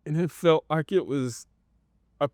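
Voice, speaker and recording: A man telling his personal faith testimony in an interview, earnest and halting, with many pauses and restarts. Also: on the high side, a little mellow, dry recording, clean studio sound. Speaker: guest sharing a personal testimony.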